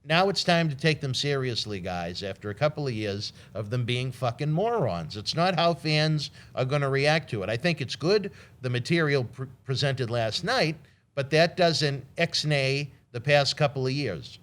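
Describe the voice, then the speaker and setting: A man's voice: medium pitch, lively intonation, normal speed, fairly bright tone. A man co-hosting a casual wrestling podcast, giving blunt, opinionated takes and swearing casually. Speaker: wrestling show co-host.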